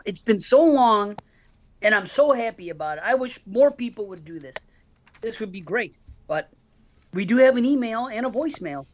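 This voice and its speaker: A man hosts a casual podcast and reads listener mail aloud to his co-hosts. His pitch swings widely as he talks, and the audio is a little dull and lo-fi. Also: expressive, moderate pace. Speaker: podcast host.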